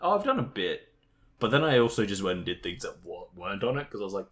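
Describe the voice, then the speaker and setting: Man, podcast co-host, lively swings in pitch, swears freely, playful self-mockery. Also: quick pace. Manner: animated, swears a lot, acts out exasperated self-talk. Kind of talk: casual chat.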